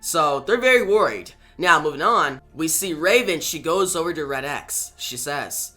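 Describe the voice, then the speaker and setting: A man retelling a comic book story for viewers, energetic and emphatic. His voice is bright and sits a little high, with faint music playing behind him. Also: normal speed.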